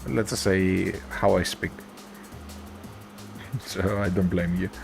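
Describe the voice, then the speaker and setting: Drawing out his words, a Greek man with a heavy accent talks casually over a relaxed gaming stream. His low voice has a gravelly edge, he wanders along with lots of fillers, and soft game music sits in the background.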